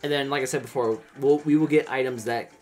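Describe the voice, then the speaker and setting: A man's voice: mid-range voice, steady tone, quick pace, a little mellow. Chatty man doing game commentary. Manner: enthusiastic, chatty. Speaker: gaming channel host. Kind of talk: let's play commentary.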